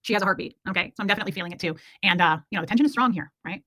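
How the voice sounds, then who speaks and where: Recorded dry, a livestream host in her forties speaks very fast in a bright, forceful, medium-pitched voice. She chats frankly and jokingly, rambling while responding to her chat.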